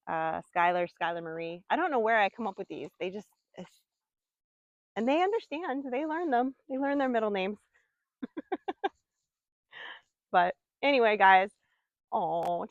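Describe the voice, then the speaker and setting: A woman's voice: mid-range voice, no room sound, lo-fi sound. Chatty woman rambling through farm chores. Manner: rambling, chatty, coos softly to her animals. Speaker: vlogger. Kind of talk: casual chat. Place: farm, outdoors.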